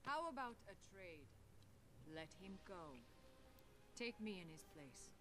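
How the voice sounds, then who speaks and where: A woman playing a poised, regal female assassin heir in a video game, speaking in a calm, formal, commanding way. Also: medium pitch, takes it slowly, soft background music. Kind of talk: video game cutscene acting. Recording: game audio under gameplay noise.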